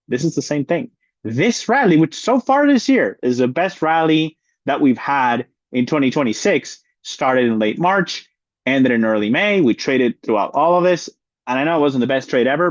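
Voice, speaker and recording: A man's voice: medium pitch, no room sound, lo-fi sound. A man working as a market analyst, talking through charts in a weekly update, often repeating and rephrasing his points.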